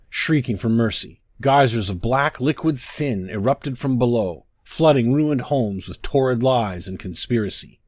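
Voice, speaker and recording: A man's voice: medium pitch, darkish tone, no echo, clean studio sound. A man giving a solemn, declamatory scripted reading of an old sermon. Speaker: narrator.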